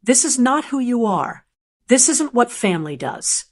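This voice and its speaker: A woman voicing a cold, smooth daughter-in-law. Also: a little high, sing-song, unhurried. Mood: coldly soothing. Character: cold, calculating middle-aged daughter-in-law, manipulative.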